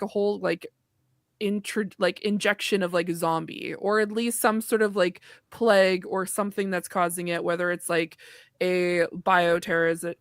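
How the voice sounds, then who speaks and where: A woman's voice: medium pitch, a bit bright, dry recording. Rambling woman podcast co-host. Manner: rambling, many fillers and restarts. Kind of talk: casual chat.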